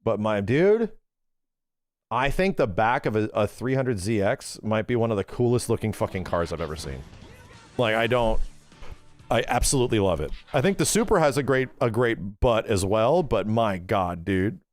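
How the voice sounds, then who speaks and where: Excitable man, lively swearing streamer. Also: on the low side, normal speed, soft background music. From Los Angeles area. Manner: excitable, swearing, animated storytelling. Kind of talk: casual livestream chat.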